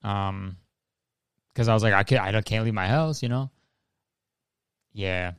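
A man's voice: on the low side, measured pace, smooth, dry recording, studio quality. A man hosting a podcast in casual, rambling chat, swearing freely and laughing often. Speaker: podcast host.

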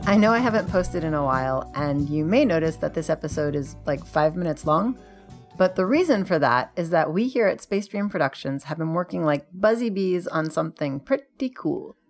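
A woman's voice: low voice, expressive, moderate pace, soft background music. A woman hosting a podcast in casual chat, playful and laughing often. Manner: giggly, playful. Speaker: podcast host.

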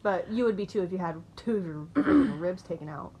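A woman co-hosting a casual podcast, teasing and laughing, speaking slowly. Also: on the low side, lively intonation, mellow, slightly rough. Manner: teasing, laughs often, slow drawl. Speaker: podcast co-host. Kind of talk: casual chat.

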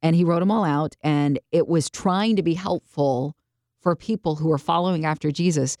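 Woman, podcast co-host, chatty and explanatory, lowish voice, dry close mic. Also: normal speed, a little mellow, no room sound. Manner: chatty, explanatory, laughs easily. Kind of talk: casual faith podcast chat.

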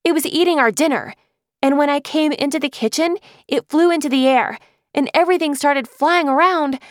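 A woman voicing a brave, frantic young girl who talks high and breathless in an audiobook. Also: takes it slowly, a bit bright, dry recording, clean studio sound.

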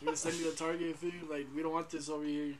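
High-voiced man in teasing, profane banter. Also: level tone, racing. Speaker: podcast co-host. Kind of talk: casual chat.

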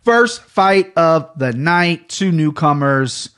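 A man's voice: on the high side, lively intonation, slow pace, fairly bright tone, smooth. A man hosting a casual sports betting podcast, chatty and rambling, often correcting himself mid-sentence. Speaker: podcast host. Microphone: headphones on a studio setup.

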